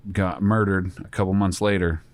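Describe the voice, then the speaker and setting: A man's voice: low-pitched, flat delivery, normal speed, dry recording. A man, a tattoo artist, talking reflectively in a casual podcast chat, swearing casually.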